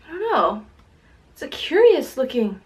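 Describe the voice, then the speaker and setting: A high-pitched woman chats excitably to the camera while eating, describing each dish. She sounds sweaty and teary from spicy food, recorded at home on a camera mic. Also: normal speed. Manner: chatty, excitable, exclaims often. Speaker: mukbang host. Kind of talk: casual food vlog chat to camera.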